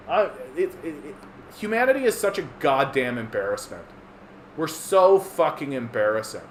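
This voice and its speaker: A man ranting sarcastically and profanely in a political livestream monologue. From Canada. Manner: profane, sarcastic, mocks opponents in squeaky voices. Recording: echoey room with faint ambient noise.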